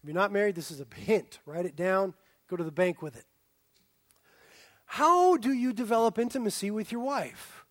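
A man preaching a sermon as a pastor, animated and swinging from loud exclaiming to a hushed near-whisper. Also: high-pitched, normal speed, no room sound, clean studio sound. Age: young adult.

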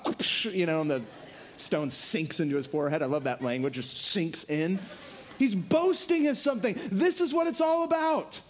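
High-voiced preaching man. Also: normal speed. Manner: animated, dropping low for emphasis, acting out quotes. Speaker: pastor. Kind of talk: sermon.

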